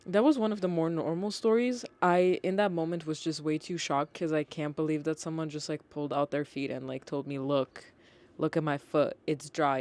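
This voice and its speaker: A young adult host telling stories on a podcast in a loose, exasperated way. Their speech is peppered with "like" and plenty of swearing, at a middling pitch. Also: a little mellow. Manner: exasperated, swears freely, lots of "like". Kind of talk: casual storytelling podcast.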